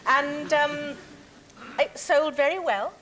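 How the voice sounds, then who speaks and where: A woman's voice: high voice, slow pace, fairly bright tone, poor audio. A woman guest on a chat show, bantering in a theatrical, self-mocking way. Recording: faint hiss on an old TV recording.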